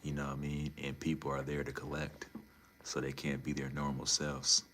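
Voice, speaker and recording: A young man chatting casually on a livestream, animated and profane, swinging between low mutters and loud incredulous outbursts. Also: normal speed, slight background noise.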